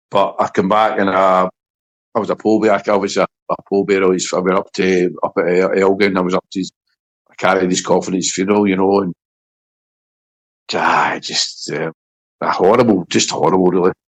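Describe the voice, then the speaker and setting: A middle-aged Scottish man, a former footballer, telling a story in casual interview chat, halting and repeating words as he gets emotional. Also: low voice, flat delivery, low-quality recording. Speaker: former footballer, podcast guest.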